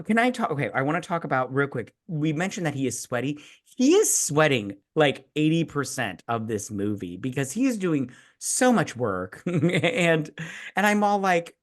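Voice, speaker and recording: A woman's voice: low voice, big pitch swings, moderate pace. A tipsy woman co-hosting a casual movie review chat, rambling and profane with lots of restarts. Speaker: podcast co-host.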